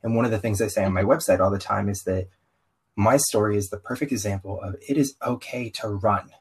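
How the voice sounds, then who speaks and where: Young man, slight Southern accent, low husky voice, candid animated interview guest. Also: fairly quick. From Southern US, raised partly in Baltimore. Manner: open, animated storytelling with quoted asides.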